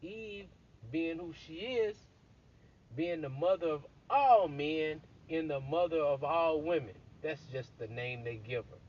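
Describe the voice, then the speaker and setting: A man casually retelling a story in a blunt, crude, animated way, full of profanity. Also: fairly high pitch, a little slow, a little hiss or hum. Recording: dull lo-fi recording.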